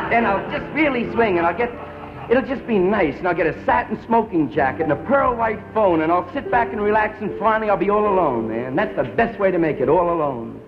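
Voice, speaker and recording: A man's voice: high voice, expressive, normal speed, over music, a crowd in the background. A man doing a stand-up routine in laid-back hip slang, from a dull lo-fi 1950s television broadcast. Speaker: stand-up comedian.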